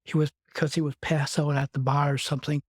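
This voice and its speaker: A man's voice: fairly high pitch, level tone, brisk, no echo. A man from Wisconsin telling his personal story as an interview guest, in a rambling, conversational way that strings clauses together with "and". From Wisconsin, USA.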